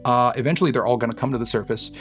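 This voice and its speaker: Psychologist guy, gravelly voice, chatty explainer with lots of uh's. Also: mid-range voice, fairly even intonation, rapid-fire, fairly bright tone, faint music behind. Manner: explanatory, uses fillers and analogies. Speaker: psychologist reacting to a clip. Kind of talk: reaction commentary.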